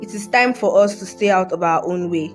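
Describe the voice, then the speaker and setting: A woman narrating a moral story in a measured, earnest way. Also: fairly low pitch. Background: soft music.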